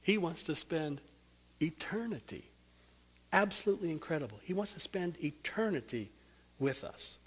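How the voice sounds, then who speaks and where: A man preaching a sermon, earnest and drawing out key words, ending in a quiet prayer. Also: fairly high pitch, sing-song, breathy edge. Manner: earnest, slows and drops soft on key words. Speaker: Bible teacher. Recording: long hall reverb.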